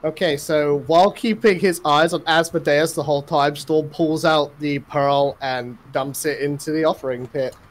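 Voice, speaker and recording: A man's voice: fairly high pitch, fairly even intonation, normal speed, few pauses. A man playing a tabletop game who speaks in character with wary, polite questions. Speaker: player. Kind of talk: in-character tabletop role-play.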